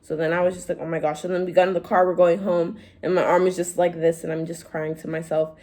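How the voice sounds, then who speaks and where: A young woman vlogger telling stories in casual chat, animated, acting out quotes in a higher voice. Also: fast talker. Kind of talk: casual storytime vlog.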